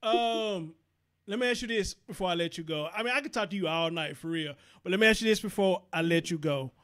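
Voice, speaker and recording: A man's voice: sits high, fairly quick, a bit bright. A man hosting a casual interview, laughing often and questioning in slangy talk. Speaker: show host.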